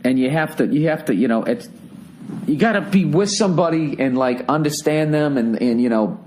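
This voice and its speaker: A man's voice: on the high side, moderate pace, darkish tone, a little hiss or hum. A man hosting a podcast, giving blunt advice in a rambling, profane, casual monologue.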